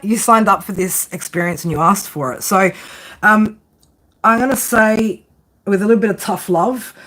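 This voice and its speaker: A woman's voice: medium pitch, a bit bright. An Australian woman giving a live tarot reading in casual chat, blunt and sarcastic, swearing heavily and ending lines with "right?". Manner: keeps tagging lines with "right?". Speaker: tarot reader.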